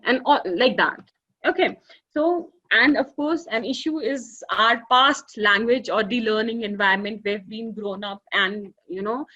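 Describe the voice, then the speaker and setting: A fairly high-voiced woman with an Indian English accent lectures an online class, leaning on "you know" and "okay" as she explains. The sound is dull and lo-fi, like laptop audio. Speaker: teacher.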